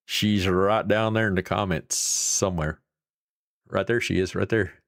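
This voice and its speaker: A man's voice: sits low, fairly even intonation, unhurried, vocal fry, no room sound, clean studio sound. A man with an Appalachian accent hosting a live stream and chatting casually with viewers in a folksy, rambling, salty way. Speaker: livestream host.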